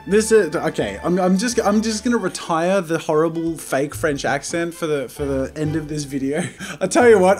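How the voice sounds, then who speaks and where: A high, bright-sounding man hosts his let's play with eager, chatty energy, tossing in quick asides to his audience. Faint music plays under his voice. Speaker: host. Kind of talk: game let's play commentary.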